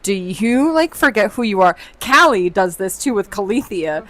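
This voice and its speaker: A woman's voice: medium pitch, expressive, fairly bright tone. Jokey woman co-host. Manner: quick, jokey, keeps steering questions. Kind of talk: casual chat.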